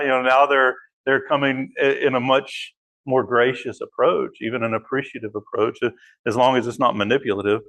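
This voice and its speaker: A man's voice: medium pitch, steady tone, fairly quick, a bit bright. A man teaching an adult Bible class in a church room, talking things through with frequent restarts and fillers. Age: adult father. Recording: echoey room, voice from afar.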